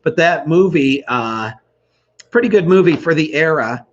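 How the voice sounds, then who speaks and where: A man's voice: on the high side, animated, measured pace, muffled recording. A middle-aged man hosting an online trivia night, reading questions and answers with dry teasing humor. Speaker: trivia host. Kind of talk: reading quiz questions and answers, joking banter.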